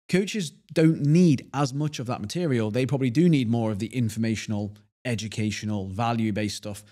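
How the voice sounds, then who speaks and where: A man's voice: mid-range voice, dark tone. A man co-hosting a casual podcast in a studio, chatty and rambling, laughing often. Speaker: podcast co-host.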